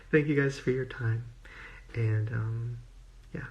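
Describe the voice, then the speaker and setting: A man's voice: mid-range voice, extremely slow, fairly bright tone. A man on a phone livestream, gushing and rambling in casual emotional talk full of fillers. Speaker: social media personality on a livestream.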